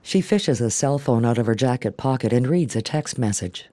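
Male audio describer, even and neutral, mellow tone. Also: mid-range voice, moderate pace, no room sound.

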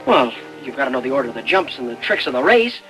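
An actor playing a protective male horse trainer in a film, talking in a brisk, commanding way. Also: medium pitch, big pitch swings, a bit bright, soft background music, rough recording. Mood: urgent. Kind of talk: film dialogue.

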